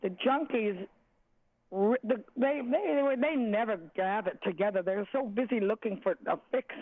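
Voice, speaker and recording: An older woman, a jazz singer, reminiscing in an interview, halting and searching for words with many restarts. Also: on the high side, dry recording. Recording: tinny phone line.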